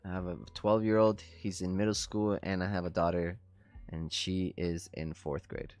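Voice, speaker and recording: A man's voice: low voice, level tone, normal speed, darkish tone, clear, resonant tone, dry recording. A man in his thirties hosting a trading livestream, telling stories in a laid-back, profane way and laughing often. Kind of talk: casual livestream chat.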